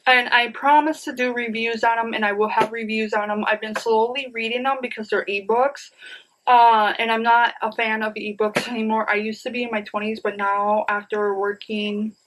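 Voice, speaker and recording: A woman's voice: on the high side, little pitch movement, moderate pace, a bit bright, a little hiss or hum, poor audio. A woman in her thirties chatting casually to viewers about her new books, rambling and enthusiastic, often saying "you guys.". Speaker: book vlogger. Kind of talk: casual book haul chat.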